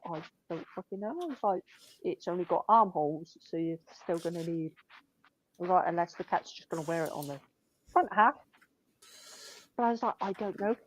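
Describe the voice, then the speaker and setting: A woman's voice: mid-range voice, poor audio. Blunt, sweary woman ranting. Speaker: shop worker telling work stories. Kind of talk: casual chat.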